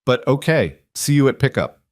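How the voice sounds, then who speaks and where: A man's voice: mid-range voice, lively intonation, moderate pace, dry recording, clean studio sound, voice pushed up, lightly acted. A man reading a curt, knowing ex-wife.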